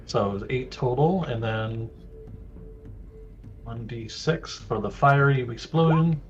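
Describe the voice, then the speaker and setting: A man's voice: mid-range voice, takes it slowly, dull audio, faint music behind. A man playing a tabletop game, casual, groaning at mishaps and checking rules aloud. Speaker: player.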